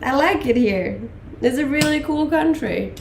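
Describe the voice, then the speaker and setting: A woman's voice: high-pitched, lively intonation, a little slow, creaky, reverberant, noisy background. A woman in her late twenties from Denmark, with a mixed Danish and English accent, chatting casually on a live stream with many ums and laughs. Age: late 20s. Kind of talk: casual chat reading live chat.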